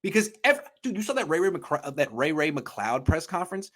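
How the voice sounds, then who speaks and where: A man's voice: a little high, lively intonation, fairly quick, fairly bright tone. Ranting man in heated sports talk. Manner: ranting, profane, emphatic bursts. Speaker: sports podcast host.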